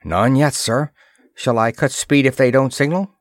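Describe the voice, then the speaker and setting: A man's voice: mid-range voice, moderate pace, no echo, clean studio sound, pitched above the performer's own voice, natural voice. A man voicing an anxious male ship navigator who answers nervously and deferentially.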